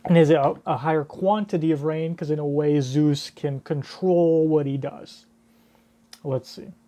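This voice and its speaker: Brief: male reaction host, unhurried, thinks out loud, mellow tone. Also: fairly high pitch, steady tone. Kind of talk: live manga reading and reaction.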